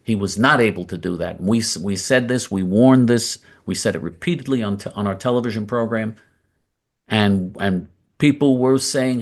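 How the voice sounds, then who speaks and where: A man's voice: on the low side, moderate pace. Blunt, emphatic male political commentator. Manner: emphatic and repetitive, doubling phrases for stress; blunt and combative. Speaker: host of a political commentary show.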